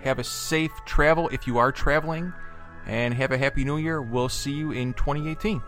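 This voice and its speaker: A man's voice: mid-range voice, fairly even intonation, moderate pace, a bit bright, faint music behind. A man co-hosting a podcast in casual, jokey banter, rattling off lists with playful humor. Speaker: podcast co-host. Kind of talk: casual chat.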